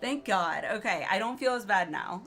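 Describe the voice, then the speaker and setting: A woman's voice: mid-range voice, lively intonation, normal speed, fairly bright tone, faint music behind. A young woman streamer chatting casually over her gameplay, giggly and rambling with lots of fillers. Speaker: game streamer. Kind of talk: casual let's-play commentary.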